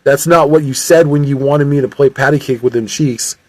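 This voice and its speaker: A man's voice: medium pitch, steady tone, brisk, a little mellow, dry recording, pitched above the performer's own voice, natural voice. A man voicing a hapless, defensive male deputy in a stilted read-aloud way.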